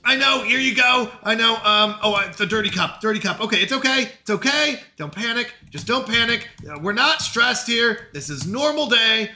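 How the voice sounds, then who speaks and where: A man's voice: high-pitched, animated, moderate pace, few pauses, sharp tone. A man with a Canadian accent, chatting frantically to himself and his stream while playing a game. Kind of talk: live-stream gameplay chat.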